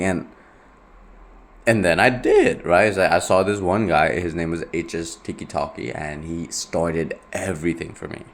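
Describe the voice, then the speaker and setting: A man's voice: low voice, moderate pace, creaky, slight background noise. A young man from Nepal telling a personal story in a rambling, casual way, full of "like" and "right?". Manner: rambling, repeats himself, many fillers like "right?" and "like".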